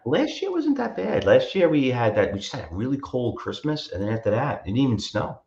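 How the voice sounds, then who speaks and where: A man co-hosting a trading show, telling rambling, animated stories in casual chat. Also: medium pitch, a little fast, vocal fry. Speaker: co-host. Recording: roomy, dull-sounding mic.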